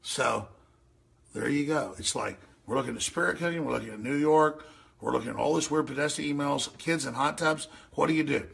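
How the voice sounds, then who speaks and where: A man hosting a radio show, ranting over news clips, excitable and yelling, with mocking impressions. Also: medium pitch, fairly quick. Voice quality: gravelly, raspy.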